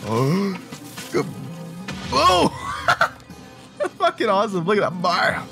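An excitable young man talks through his gameplay in casual, profane commentary. His slightly high voice swings widely as he reacts. Game music plays steadily under his voice. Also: takes it slowly. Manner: excitable and profane, laughs and exclaims often. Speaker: gaming channel host.

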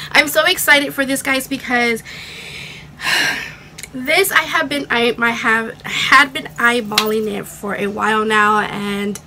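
A young woman chatting excitedly in a casual vlog at home, rambling with restarts. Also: fairly high pitch, background noise. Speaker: beauty and fashion vlogger.

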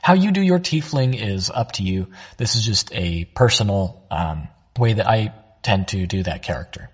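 Low husky-voiced man teaching voice acting. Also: moderate pace. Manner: explains voice traits in a calm, reflective way. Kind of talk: instructional talk.

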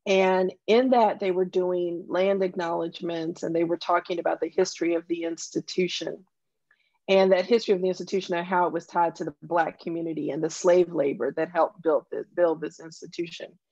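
A woman's voice: on the low side, fairly even intonation, fairly quick, darkish tone, no room sound. Southern lady guest, heartfelt storytelling, muffled dry recording. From Southern US countryside. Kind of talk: conversational interview.

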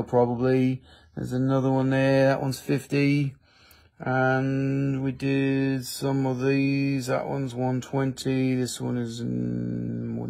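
A man with a gravelly voice, a little higher than usual, hosts a casual live sales stream. He reels off prices at a brisk clip and drops the odd swear word. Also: darkish tone. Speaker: livestream seller.

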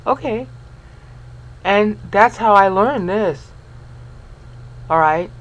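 A woman with a mid-range voice teaches a Bible lesson slowly and animatedly, with lo-fi sound quality. Working over on-screen text, she breaks words into syllables and keeps asking "okay?" and "all right?" to check on the listener.

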